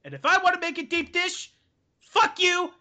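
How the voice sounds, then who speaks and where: A woman's voice: very high-pitched, wildly swooping pitch, fast, pushed and bright. A woman co-hosting a podcast in casual chat, ranting animatedly with lots of swearing. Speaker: podcast co-host.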